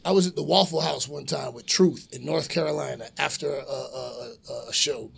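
A man's voice: mid-range voice, moderate pace, creaky. A man in his forties telling stories in a casual podcast chat, acting out the voices of people in them. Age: 40s. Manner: animated storyteller acting out quoted voices. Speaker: podcast guest, pro wrestler.

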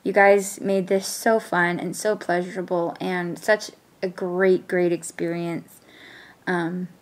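A woman's voice: lowish voice, flat delivery, slow. A woman filming an unboxing vlog, gushing with breathless exclamations and often dropping into an awed whisper. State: shaking with excitement. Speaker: vlogger.

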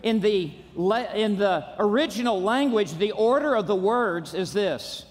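A man preaching a conference sermon, driving his points home with punchy repetition and rising to shouts. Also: sits high, expressive, a little slow, few pauses. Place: large auditorium. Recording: long reverb of a large hall.

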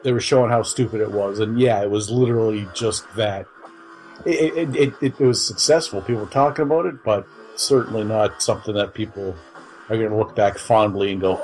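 A man's voice: on the low side, fairly even intonation, a little fast, a little mellow, low-quality recording. A man co-hosting a podcast in casual chat, rambling through explanations with many restarts. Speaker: podcast co-host.

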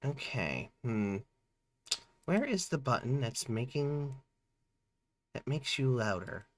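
A man live-streams a game, chatting casually with lively ups and downs while fumbling with his audio settings. His voice is medium-pitched, and he takes it slowly.

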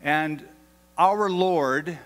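An older American pastor preaching a sermon in a conversational, emphatic way, slowing down to stress key phrases. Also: male voice, a little high, a bit bright. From United States. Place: large church hall. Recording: long hall reverb.

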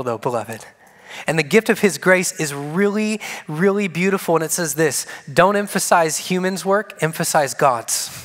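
A man with a high voice preaches from a church stage, leaning on repetition to drive each point home. His words ring out with a long reverb that hangs in the sanctuary. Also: fairly bright tone. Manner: earnest, repeats key phrases for emphasis. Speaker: pastor. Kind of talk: sermon.

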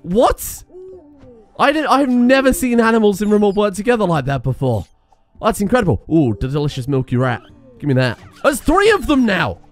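Excitable man commentating a game. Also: sits high, moderate pace, soft background music. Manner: excitable, laughs and exclaims in bursts. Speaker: gaming video host. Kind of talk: casual gameplay commentary.

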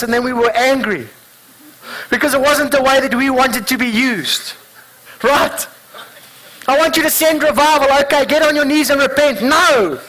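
A pastor with a notably high voice preaches to his congregation in church. He presses them with earnest rhetorical questions. He slows down and lays weight on each word when reading scripture. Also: a bit bright, poor audio. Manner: reads scripture slowly and deliberately. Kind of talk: sermon.

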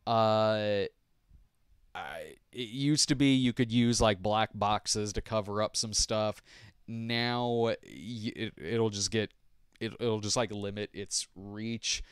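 The sound is dry and studio quality, carrying a lowish, clear, resonant voice that takes things slowly. He's a man in his fifties who hosts a podcast and reviews movies, casually fielding viewer questions. His answers ramble, poke fun at himself, and are full of chuckles.

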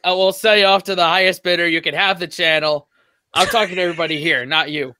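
An American man co-hosts a reaction channel with jokey, folksy chatter. His voice is high and bright, and the recording is close and dry. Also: fairly even intonation, fast, clean tone, no room sound. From United States. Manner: jokey, folksy turns of phrase. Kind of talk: casual chat.

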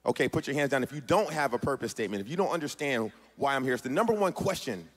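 A man preaching a sermon as pastor, reading scripture aloud and drawing the congregation into energetic call-and-response. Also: medium pitch, quick pace, breathy edge. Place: church sanctuary. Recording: long church reverb.

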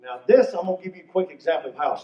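Older man, stand-up storyteller, fairly high voice, echoey room heard from a distance, muffled sound. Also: expressive, racing. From North Carolina. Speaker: comedian. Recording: echoey venue from far off, muffled.

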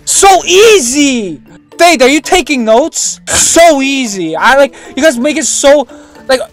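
A woman's voice: lively intonation, takes it slowly, soft background music. A woman putting on the voice of a cranky, bossy young boy who whines and bosses teammates around in game voice chat. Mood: whiny. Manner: whiny, bossy, shrill outbursts. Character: cranky bossy young boy gamer, whiny, easily upset. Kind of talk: voice chat during an online shooter game.

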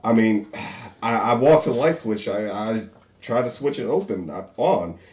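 A man's voice: fairly low pitch, lively intonation, moderate pace, darkish tone. A man playing a character in a murder mystery party game, stammering and hesitant, then laughing defensively. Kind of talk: in-character improv among friends. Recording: echoey room.

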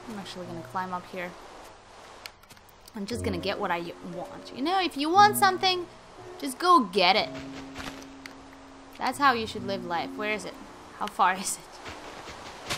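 Over music, this woman's medium-pitched voice is animated yet slow, with frequent pauses. She's a gaming YouTuber, a little under the weather, casually commenting on her gameplay, addressing viewers and blurting sudden exclamations at the game.

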